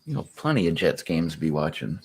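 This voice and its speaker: A man's voice: a bass voice, sing-song, a little fast, breathy edge. A man streaming casually from home, chatting with viewers, laughing often and slipping into baby talk for his puppies. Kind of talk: casual live stream chat.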